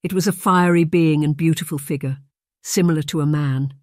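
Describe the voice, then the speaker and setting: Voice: mid-range voice, fairly even intonation, brisk, darkish tone, no echo, studio quality, lightly acted. An audiobook narrator voicing an eager, dreamy young English lady who gushes with wonder. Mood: excited. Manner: gushing, wide-eyed.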